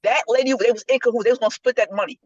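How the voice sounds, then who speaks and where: Brief: rapid-fire female co-host, animated storyteller, dull dry lo-fi sound. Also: a little high, breathy edge, no room sound. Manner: animated storyteller acting out quotes. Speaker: podcast co-host. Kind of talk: casual group chat, retelling a story.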